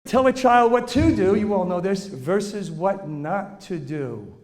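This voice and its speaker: A man's voice: high-pitched, a little slow, darkish tone. A man giving a humorous lecture to teachers on children's behavior, joking, laughing often and acting out examples.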